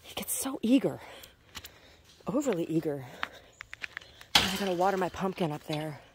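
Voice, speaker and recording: A woman's voice: fairly low pitch, sing-song, moderate pace, background noise. A woman vlogging casually as she walks her backyard garden, muttering to herself and cooing at her chickens. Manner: chatty, muttering to herself, sing-song baby talk to animals.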